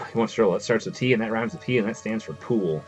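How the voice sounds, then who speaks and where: A man with a very low voice chats casually to his viewers during a live game stream. He talks loosely and reads the game's text aloud as he goes. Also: fast talker, highs cut off, faint music behind.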